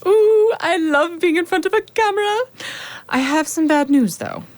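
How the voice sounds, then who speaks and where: A woman's voice: very high voice, animated, moderate pace, a little mellow. An actress playing a pompous, self-important woman who runs a construction company, in a children's radio drama. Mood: bossy. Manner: bossy, self-important, showy. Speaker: company manager.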